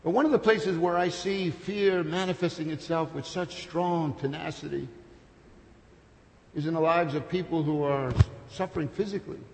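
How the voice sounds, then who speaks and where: A man preaching a sermon with passion, building to loud peaks and then dropping to soft, intimate storytelling. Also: a little high, moderate pace, creaky, slight background noise. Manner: impassioned, builds to shouts, then drops soft. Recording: long hall reverb.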